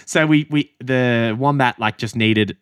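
An Australian man co-hosting a podcast, telling a story in casual chat, animated and swearing freely as he acts out what people said. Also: medium pitch, unhurried, clear, resonant tone, no room sound, studio quality. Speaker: podcast co-host and running coach.

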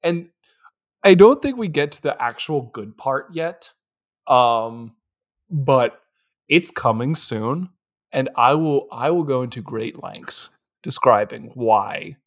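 A man's voice: mid-range voice, expressive, measured pace. A man co-hosting a podcast, gushing about a movie in casual chat and laughing often between words. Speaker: podcast co-host.

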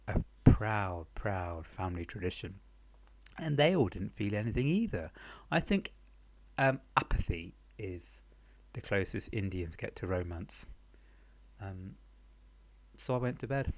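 A young man telling a comic story about his life in a dry, deadpan, understated way, recorded at home. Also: on the low side, unhurried, no echo. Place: home apartment.

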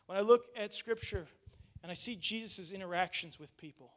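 High-voiced pastor preaching a lively sermon. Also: male voice, normal speed. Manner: animated, addresses the congregation directly; conversational asides with restarts.

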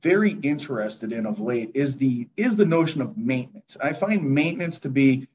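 A man's voice: mid-range voice, expressive, moderate pace, darkish tone, slight background noise. A man hosting a podcast, musing in a rambling, reflective way and swearing casually. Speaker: podcast host. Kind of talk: casual interview chat. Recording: dull lo-fi recording.

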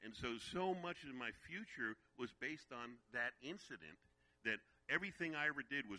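A man giving a heartfelt, tearful teaching talk at a faith weekend, with a very bright, tense edge to his voice. He stumbles and repeats words as he works through a personal story. The sound is close and dry, with no room echo. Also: mid-range voice, lively intonation, normal speed. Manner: emotional storytelling, repeats words when moved. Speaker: guest speaker.

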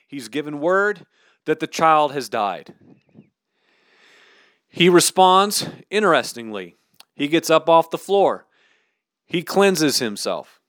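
Earnest preacher, dry close sound. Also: male voice, on the high side, fairly bright tone, no echo. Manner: earnest, conversational, emphatic. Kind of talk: sermon teaching.

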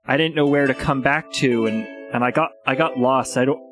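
Man voicing a lost ghost woman, halting, tearful, music underneath. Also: mid-range voice, fairly bright tone, close to an everyday voice. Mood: shaken.

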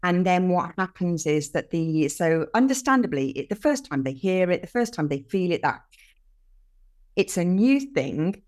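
Older woman, podcast guest, earnest explaining, lowish voice. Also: moderate pace. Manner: earnest and explanatory, with lively emphasis. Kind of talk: casual conversation.

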